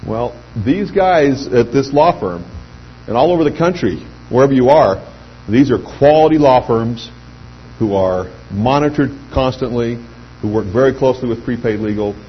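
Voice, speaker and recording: A middle-aged man giving an anecdotal pitch speech to a live audience, telling lively stories and acting out quoted voices. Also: normal speed. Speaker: speaker addressing a sales audience. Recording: dull lo-fi recording with faint hum.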